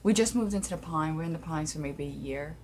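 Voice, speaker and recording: A woman's voice: deep voice, fast talker, darkish tone, slight background noise. A young woman telling a paranormal story in a casual vlog, rambling with many fillers, recorded on her phone. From Louisiana, USA. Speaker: paranormal vlogger. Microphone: phone camera.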